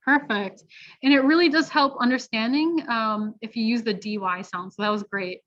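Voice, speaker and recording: A woman teaching a pronunciation workshop, modeling each sound slowly and deliberately. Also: on the high side, fairly bright tone. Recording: dull lo-fi audio.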